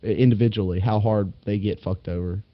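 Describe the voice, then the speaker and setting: A man's voice: on the low side, fairly even intonation, fairly quick, no echo, dull audio. Rambling, laughing male podcast host. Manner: rambling, laughs often, profane. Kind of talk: casual political chat.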